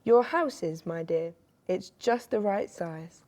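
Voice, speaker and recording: A woman's voice: on the low side, animated, slow, dark tone. A woman voicing a long-bearded male wizard in a storybook reading, exclaiming in a raised voice. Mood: cheerful.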